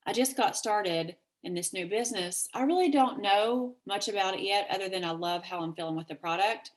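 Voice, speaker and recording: A woman from Kentucky with a Southern accent, giving an energetic, chatty sales pitch over a video call and acting out quoted messages with big jumps in pitch. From Kentucky, USA. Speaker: network marketing presenter.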